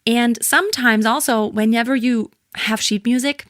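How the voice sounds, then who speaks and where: A woman's voice: on the high side, normal speed, a bit bright, no echo, studio quality. A woman giving a singing lesson, explaining rhythm and demonstrating with sung syllables and counted beats. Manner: counts and sings syllables to a metronome between explanations. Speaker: singing teacher. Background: metronome clicks.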